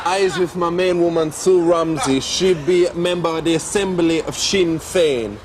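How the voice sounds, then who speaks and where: An actor in character as a clueless interviewer, speaking in mock street slang and asking deliberately ignorant questions. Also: male voice, fairly high pitch, crowd noise, lightly acted. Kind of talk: comic prank interview. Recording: TV interview with background noise.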